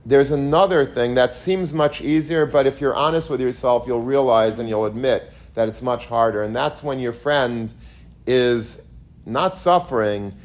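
A man's voice: mid-range voice, a little slow. Man giving a Torah lecture. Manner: storytelling with Yiddish and Hebrew terms, many restarts. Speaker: Torah teacher.

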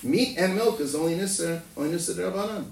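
Speaking fast with a creaky voice, a male Talmud teacher delivers an energetic lecture full of rhetorical questions, many capped with a lilting "no?" and sudden pitch jumps. The recording is distant, in an echoey room, with faint noise.

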